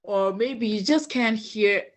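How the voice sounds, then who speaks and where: A woman from Ghana, a guest recounting her own story in an animated, emotional way. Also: medium pitch, slow pace. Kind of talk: personal storytelling.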